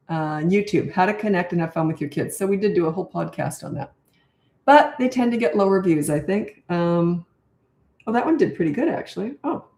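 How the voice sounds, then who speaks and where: An older woman answers viewer questions in an off-the-cuff live Q&A, blunt and matter-of-fact, with frequent restarts as she thinks aloud. Her voice sits fairly low, and the room around her is echoey. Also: vocal fry, darkish tone. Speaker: parenting coach.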